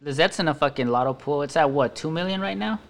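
A man's voice: a little high, fast, gravelly, over a noisy crowd. Laughing, swearing young man telling stories. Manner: laughs often, swears a lot, animated storytelling. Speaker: podcast host. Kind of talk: casual stoner podcast chat.

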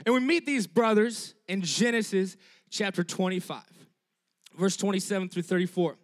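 A man with a high-pitched voice preaches a lively sermon. He talks in an emphatic, conversational way, repeating his key phrases for weight. He keeps checking in with his listeners by tagging "all right?" onto his sentences. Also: normal speed.

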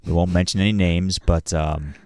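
A man's voice: deep voice, steady tone, normal speed, a little mellow, dry recording, studio quality, lightly acted. A man voicing a male train guard who questions passengers in a formal, businesslike way. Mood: relieved.

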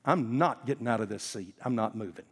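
A man voicing a rude male airline passenger who flatly refuses to move. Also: medium pitch, brisk, breathy edge, big-room sound, pitched below the performer's own voice. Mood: defiant. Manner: flat, defiant refusals.

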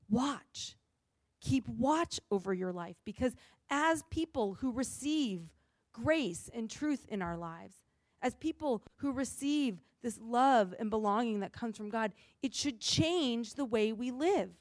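A woman pastor preaching a sermon in an earnest, emphatic way with pauses. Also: fairly high pitch, animated, no room sound, clean studio sound.

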